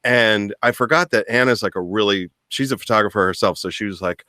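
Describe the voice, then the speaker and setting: Give me a low-voiced man in his thirties, animated and joking on a podcast, dry close mic. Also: fast, hardly any pauses, no room sound. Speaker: podcast co-host. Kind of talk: casual comedic storytelling.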